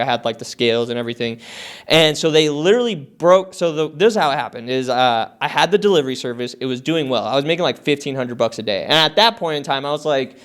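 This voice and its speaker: A man in his thirties telling his story as a podcast guest, animated, swearing a lot and filling his talk with "like". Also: medium pitch, clear, resonant tone. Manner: many fillers like "like" and "uh". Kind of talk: casual storytelling interview.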